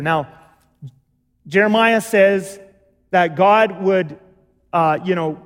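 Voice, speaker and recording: A man's voice: high voice, long reverb tail. A male pastor preaching a sermon, explaining step by step and often checking in with "okay?". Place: church.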